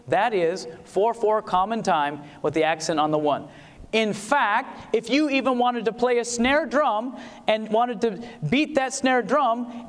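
A man giving an emphatic preaching lecture on music, asking his audience questions and singing short examples. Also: high voice. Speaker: Christian music seminar speaker. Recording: long hall reverb.

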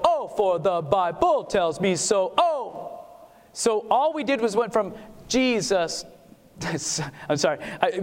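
A man giving an emphatic preaching lecture on music, asking his audience questions and singing short examples. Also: high-pitched. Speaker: Christian music seminar speaker. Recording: long hall reverb.

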